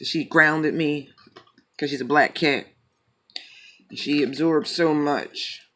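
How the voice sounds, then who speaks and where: A man's voice: a little high, fairly even intonation, slow pace, pushed and bright. Joking, foul-mouthed tarot-reading man. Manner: joking, profane, rambling. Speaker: tarot reader. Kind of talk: casual chat and tarot reading.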